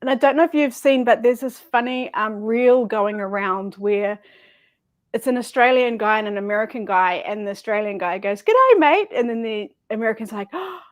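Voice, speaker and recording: A middle-aged woman from New Zealand, appearing as a quilting guest, tells stories in casual chat. Her voice is medium-pitched at a normal speed. She is chatty, laughs easily, and is a lively storyteller.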